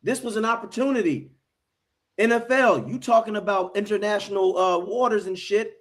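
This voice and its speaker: A man's voice: high-pitched, normal speed. An American man hosting a fan sports talk show, brash, hyped and profane. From United States. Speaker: show host.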